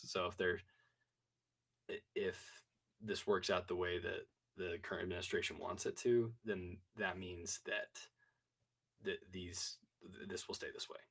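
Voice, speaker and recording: Low-voiced guy on a video call, rambling and restarting a lot. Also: a bit bright, slightly rough. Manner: rambling, frequent restarts and fillers. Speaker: co-host. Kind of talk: casual video call chat.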